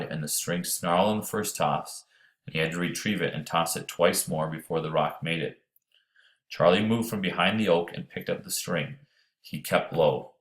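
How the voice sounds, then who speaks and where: A man reading an audiobook chapter in steady, measured narration. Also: sits low.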